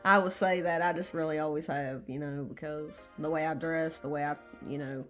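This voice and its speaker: A woman's voice: low-pitched, fairly even intonation, brisk, soft background music. Candid Southern woman rambling at home. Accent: Southern American. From Southern United States. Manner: rambling and candid, many fillers. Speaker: vlogger. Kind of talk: casual personal vlog. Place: small bedroom at home.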